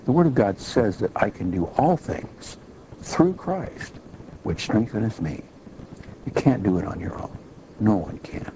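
A man's voice: fairly low pitch, very animated, measured pace, warm tone, a little hiss or hum, rough recording. A man giving an earnest personal testimony in a sermon, telling his story plainly.

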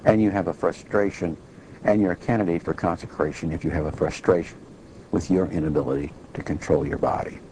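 Male preacher, deep and gravelly, earnest testimony. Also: steady tone, a little fast, mellow, slight background noise, poor audio. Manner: earnest, plain storytelling. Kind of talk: personal testimony sermon.

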